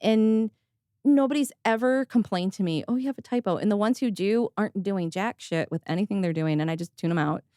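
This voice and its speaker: A woman's voice: medium pitch, fairly quick, mellow, clear, resonant tone, dry recording, clean studio sound. A woman hosting a podcast, chatting casually and candidly, laughing often and swearing offhandedly. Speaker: podcast host. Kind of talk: casual conversational chat.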